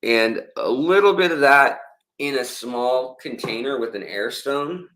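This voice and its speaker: A man's voice: medium pitch, measured pace, fairly bright tone, poor audio. A man hosting a casual livestream, rambling with many fillers and restarts while he reads out and answers viewer comments. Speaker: livestream host.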